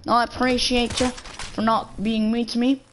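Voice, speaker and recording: A woman's voice: fairly high pitch, little pitch movement, moderate pace, heavy background noise. A young woman putting on an Australian accent, trash-talking and teasing other players in game voice chat. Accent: put-on Australian. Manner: cocky, teasing, calls others "mate". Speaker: gamer pranking strangers in voice chat.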